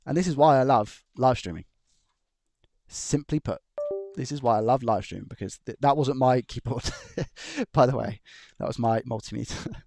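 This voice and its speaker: A man's voice: medium pitch, lively intonation, normal speed, gravelly, mellow, slight background noise. A man chatting casually on a live stream from his room, rambling and chuckling as he tells stories and restarts his sentences. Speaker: electronics repair live streamer. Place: his own room at home.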